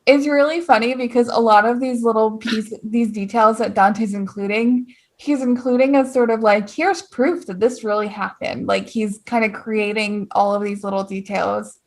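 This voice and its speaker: A woman's voice: fairly high pitch, steady tone, normal speed, hardly any pauses, a little mellow. A woman co-hosting a casual podcast, reading lines from an old poem and retelling them in slangy everyday words. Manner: reads verses, then retells them in slangy paraphrase. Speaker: podcast co-host.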